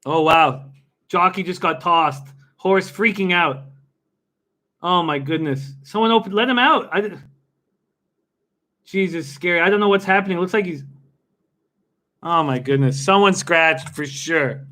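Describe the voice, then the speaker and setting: A young man hosts a casual live stream, excitable and quick to laugh as he reacts to viewers by name. His voice sits high for a man and rings bright and forward. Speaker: livestream host betting on horse races.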